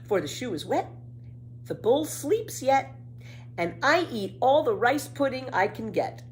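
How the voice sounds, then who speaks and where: Pippi Longstocking, as a woman puts her on, singsong and high. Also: big pitch swings, a little slow, a little hiss or hum. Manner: singsong, playful rhyming. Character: cheerful carefree young girl, silly and bold. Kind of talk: reading a children's book aloud.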